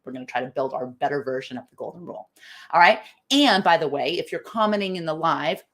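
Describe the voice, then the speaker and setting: A woman's voice: sits low, expressive, quick pace. A middle-aged woman from the United States hosts a live-stream talk, thinking aloud, restarting phrases and reading out viewer comments. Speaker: live show host.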